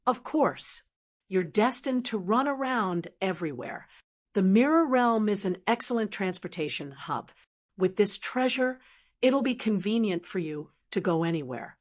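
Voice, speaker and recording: Woman reading a measured martial elder man. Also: mid-range voice, lively intonation.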